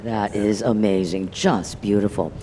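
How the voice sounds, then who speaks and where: Upbeat female festival host, warm mellow tone, stage in a big echoing hall. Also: extremely low pitch, steady tone, measured pace. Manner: upbeat, gushing praise. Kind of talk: live demo interview. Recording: hall reverb, faint noise.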